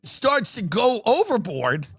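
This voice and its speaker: A man's voice: high voice, slow, breathy edge, dry recording. A middle-aged man from New York, telling rambling, jokey stories on a live stream. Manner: rambling, animated, jokey rants with quoted impressions. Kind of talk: casual live-stream storytelling.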